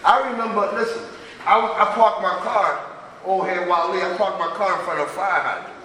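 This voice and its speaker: A middle-aged man with a high-sitting voice shares raw, profane stories of his past at a twelve-step recovery meeting, talking like a street storyteller at a moderate pace with a sharp tone. He's in a large meeting hall, caught by a distant mic that makes the room echo, and there's a little hiss or hum.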